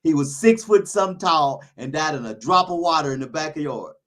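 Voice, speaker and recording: A man's voice: fairly high pitch, lively intonation, fairly quick, a bit bright. Rambling opinionated man chatting casually. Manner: rambling, restarts often, opinionated. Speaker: YouTuber, podcast host.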